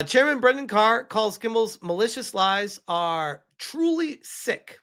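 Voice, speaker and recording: A man's voice: high-pitched, lively intonation, slow pace, sharp tone. A man commenting live on a stream, emotional and rambling, often restarting his sentences.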